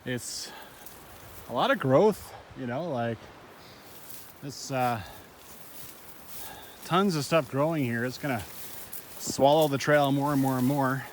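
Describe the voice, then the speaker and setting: Recording himself on a mountain trail during a solo backpacking trip, a middle-aged man gives a shaken, breathless account of a bear encounter into a handheld camera, swearing and rambling. His medium-pitched voice is slow with long pauses, plus a slight hiss or hum.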